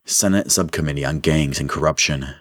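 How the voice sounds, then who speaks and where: Deep husky guy narrating an audiobook, dry sound, pitch moves around a lot. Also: a little fast, fairly bright tone, no room sound. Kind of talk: audiobook reading of a crime novel.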